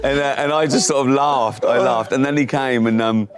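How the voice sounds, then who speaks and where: A man's voice: medium pitch, steady tone, normal speed, heavy background noise. A middle-aged comedian telling anecdotes in casual chat, laughing often and mimicking the people in his stories. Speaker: comedian guest.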